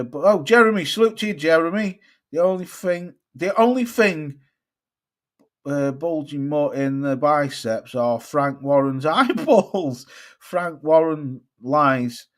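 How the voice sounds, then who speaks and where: Middle-aged british bloke on a boxing stream, kinda high voice, blunt and sweary, reading chat. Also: male voice, slow. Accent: British English. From United Kingdom. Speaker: boxing live-stream host. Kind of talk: casual live-stream chat reading comments.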